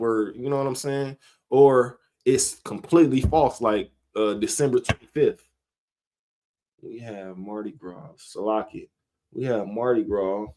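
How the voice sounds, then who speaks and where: A man's voice: medium pitch, darkish tone. A middle-aged man hosting a live stream, talking casually in a rambling way, often chuckling and calling out viewers' names from the chat.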